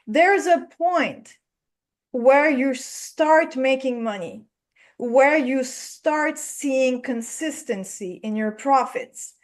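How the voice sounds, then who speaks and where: Quebec French-accented woman, trading psychology coach, slow reflective delivery, high voice. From Quebec, Canada. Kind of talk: live show guest talk.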